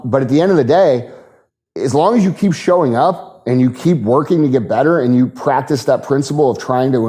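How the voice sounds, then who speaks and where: A man's voice: mid-range voice, warm tone. A man in his forties, a podcast guest, speaking bluntly and repeating his points to drive them home. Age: 40s. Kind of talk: motivational podcast talk.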